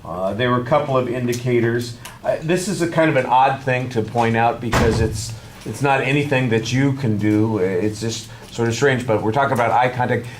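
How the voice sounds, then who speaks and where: A male public speaking instructor giving a student measured, frank feedback on a speech, with hedged praise. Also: medium pitch, a little hiss or hum. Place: classroom. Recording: echoey classroom.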